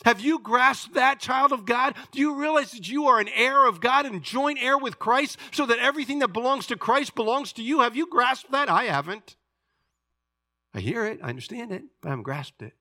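A man delivers a sermon in a high, bright tone. He tells the story dramatically, voicing the characters and swinging between forceful passages and near-whispers. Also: animated, normal speed. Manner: dramatic, acting out characters' lines, swinging from loud to hushed. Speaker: pastor.

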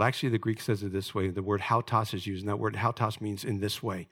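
A man preaching a sermon as pastor, moving between soft confiding storytelling and loud, fervent peaks. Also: fairly low pitch, steady tone, fast, breathy edge. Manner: drops to soft confiding tones for personal story.

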